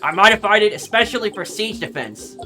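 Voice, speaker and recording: A woman's voice: mid-range voice, lively intonation, a little fast, over music, pitched above the performer's own voice, close to an everyday voice. A woman voicing a boy who plays a blustering drill sergeant through a drone, barking orders in a bossy military drawl.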